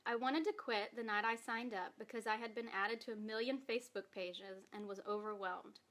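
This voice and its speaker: A woman's voice: on the high side, steady tone, normal speed, a bit bright. A woman giving an earnest, emotional personal testimony in a vlog, reading from her own post while holding back tears. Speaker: direct sales distributor.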